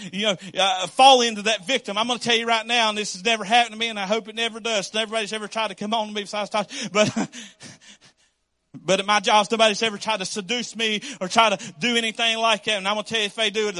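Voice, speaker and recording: A man preaching a sermon as pastor, emphatic and animated, acting out the voices he quotes and swinging from loud to hushed. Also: high-pitched, no room sound.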